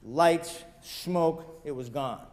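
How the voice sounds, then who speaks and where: A man's voice: fairly high pitch, extremely slow, darkish tone, in a large hall. A man giving a motivational lecture, telling personal stories with joking asides and talking straight to his audience. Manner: joking asides, chuckles at own jokes; addresses audience directly, emphatic. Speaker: guest speaker.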